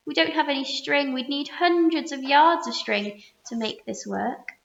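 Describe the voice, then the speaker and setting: A woman voicing an earnest, resourceful young boy who calmly explains his plan in a storybook reading. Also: high voice, normal speed, vocal fry, a little hiss or hum, voice pushed up. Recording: roomy muffled recording.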